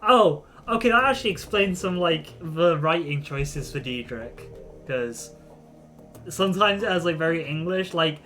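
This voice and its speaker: A man gives casual gameplay commentary, rambling and giggly, full of fillers. His voice sits somewhat high for a man. Faint music runs underneath. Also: lively intonation, measured pace, bright, forceful tone. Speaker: streamer.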